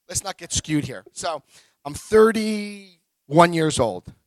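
A man in his forties tells a story to a big audience, his voice slightly high for a man and leaping all over the place as he acts out each character. The sound is close and dry, with no room echo. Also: expressive, slow pace. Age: 40s. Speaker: speaker sharing recovery story. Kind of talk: live talk to an audience.

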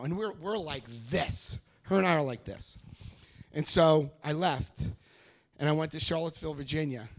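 A man's voice: mid-range voice, a little mellow. A middle-aged American man giving a rambling personal testimony to a meeting, often repeating himself and acting out quoted voices. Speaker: recovery meeting speaker.

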